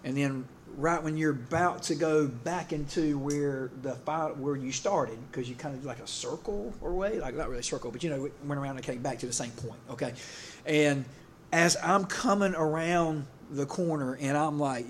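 Middle-aged pastor, loose and rambling sermon delivery, lots of fillers, fairly high pitch, light hiss underneath. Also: male voice. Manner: rambling, halting, full of fillers and restarts. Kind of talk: casual sermon.

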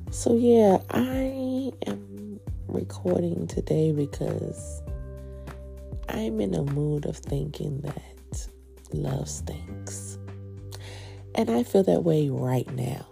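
A woman's voice: low-pitched, animated, slow pace, creaky, mellow, faint music behind. A laid-back woman hosting a podcast in casual chat, sounding stuffy and nasal from phlegm and laughing often. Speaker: podcast host.

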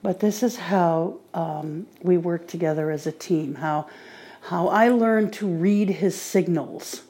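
Mellow-voiced woman chatting on a podcast. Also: lowish voice, slow pace. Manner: relaxed diary-like recounting. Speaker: podcaster training with a guide dog. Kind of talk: casual podcast monologue.

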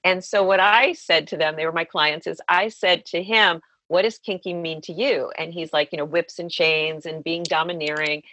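A woman's voice: fairly low pitch, steady tone, normal speed, hardly any pauses, sharp tone, no echo, low-quality recording. A woman therapist telling the story of a client session and acting out both sides of the conversation. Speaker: sex therapist. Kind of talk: storytelling in an interview.

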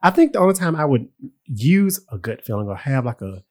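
A man's voice: mid-range voice, big pitch swings, fairly quick, a little mellow. A man co-hosting a podcast, giggly and teasing in casual chat. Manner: giggly, teasing, laughs between words. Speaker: podcast co-host.

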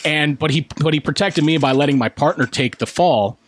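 A man and former wrestler, a podcast guest, casually telling animated anecdotes and acting out the quotes. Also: fairly high pitch, fairly quick. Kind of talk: casual storytelling.

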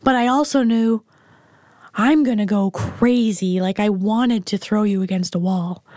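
The host's mother, a middle-aged woman, is a guest on the interview and recounts a personal story candidly. She talks at a measured pace with a medium-pitched, dark voice, bluntly and plainly. There is no echo, and the studio sound is clean.

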